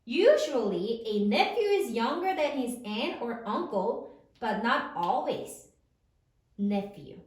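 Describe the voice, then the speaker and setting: A woman teacher giving a slow, sing-song spelling lesson to third graders. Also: fairly high pitch, very animated, echoey room.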